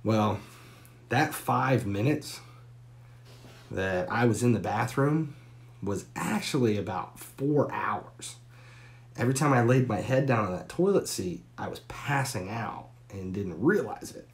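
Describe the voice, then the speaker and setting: A man in his forties with a deep, low voice spins a long personal story on a live stream. He talks casually and bluntly, swearing freely and stretching the tale out with pauses and fillers. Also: lively intonation, creaky. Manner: candid, profane, drawn-out story with pauses and fillers.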